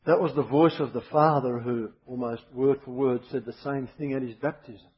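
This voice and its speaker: A man's voice: mid-range voice, steady tone, normal speed, husky, muffled recording. A man preaching a sermon, emphatic and repeating his key phrases for weight.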